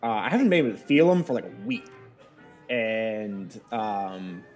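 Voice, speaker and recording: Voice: mid-range voice, sing-song, a little slow, darkish tone, soft background music. Laid-back rambling tabletop player. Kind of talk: in-character tabletop play.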